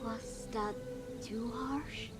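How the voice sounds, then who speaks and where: A slow, hesitant polite lady. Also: a little high, steady tone, loud music behind the voice. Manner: hesitant, apologetic. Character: polite woman trying to be tactful. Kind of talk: video game voice acting.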